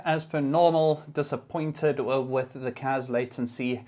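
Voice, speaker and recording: A man's voice: medium pitch, steady tone, unhurried, a little mellow. Chatty man reviewing gadgets. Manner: chatty, explanatory, occasional restarts. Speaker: tech reviewer. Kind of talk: casual product review.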